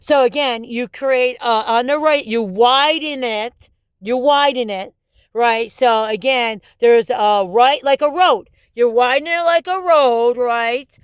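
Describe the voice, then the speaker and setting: A woman's voice: on the high side, a little slow, hardly any pauses, smooth, no room sound. A woman in an angry, rambling monologue, swearing often and jumping between topics.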